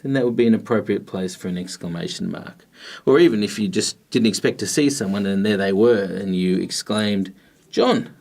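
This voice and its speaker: A man with a somewhat low voice teaches a grammar video lesson. He explains patiently and deliberately, pausing between phrases as he goes. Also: creaky, a little mellow. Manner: patient, measured explaining with pauses.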